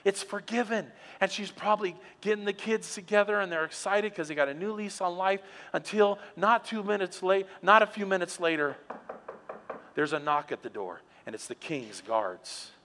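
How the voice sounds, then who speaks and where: Male pastor, sermon, animated storyteller; bright tone, long hall reverb. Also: high voice, moderate pace, a little hiss or hum. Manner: animated, storytelling, drops quiet for emphasis.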